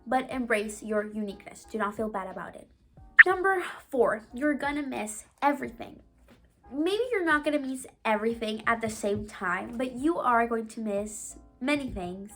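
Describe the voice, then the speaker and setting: Young woman, Spanish speaker, earnest and chatty vlogger, slightly high voice, soft music underneath. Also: expressive, normal speed. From Mexico. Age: young adult. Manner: earnest, chatty, sprinkles "like" and "you know". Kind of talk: casual advice monologue.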